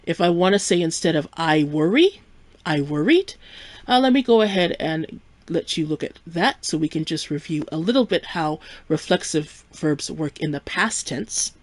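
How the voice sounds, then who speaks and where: A woman teaching a live French lesson, explaining clearly and patiently and slowing down to model each French word. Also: sits low, animated, dry recording. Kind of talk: live-streamed language lesson.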